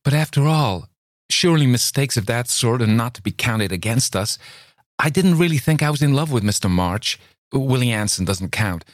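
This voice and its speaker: A man with a low voice playing an eager young American woman who pleads her love in a raised, emotional voice. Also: expressive, moderate pace, dry recording, clean studio sound, lightly acted. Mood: pleading. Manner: breathless, imploring, emotional.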